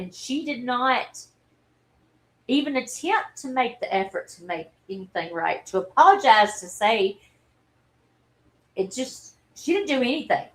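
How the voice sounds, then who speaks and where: A woman, telling a personal story in a halting, earnest and openly emotional way on a livestream. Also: fairly high pitch, expressive, fairly bright tone, rough recording. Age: 40s. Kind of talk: candid personal livestream talk.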